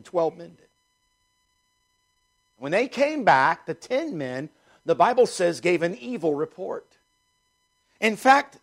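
A man preaching a sermon as pastor, emphatic and repeating key phrases, slowing down to stress scripture. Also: high-pitched, creaky.

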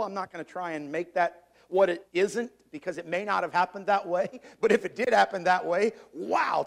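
A man with a high, gravelly voice delivers a sermon. He reads scripture in an old-fashioned cadence and slows down to drive home the words he wants stressed. Between readings he explains with repetitions and restarts. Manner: reads scripture in archaic cadence, slowing for emphasis; repeats words and restarts as he builds points. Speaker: preacher.

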